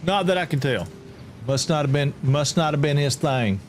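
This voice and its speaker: A man's voice: fairly high pitch, lively intonation, normal speed, slight background noise. A man giving chatty, folksy commentary as he streams a game live and talks with his chat.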